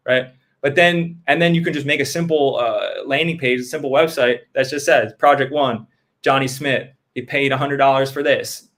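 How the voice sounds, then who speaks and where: A man's voice: a little high, a bit bright. A man giving blunt, profane business advice in casual chat, acting out customers' quotes as he goes.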